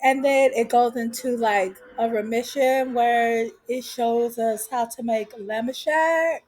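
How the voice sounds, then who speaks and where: Woman vlogger, unhurried and a little high, sassy gossip recap. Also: darkish tone. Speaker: vlogger recapping a show episode. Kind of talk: casual chatty recap.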